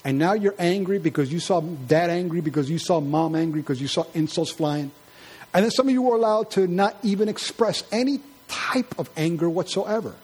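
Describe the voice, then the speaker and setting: A man preaching a sermon in an animated, conversational way, acting out quarrels in high mocking voices. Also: brisk, husky.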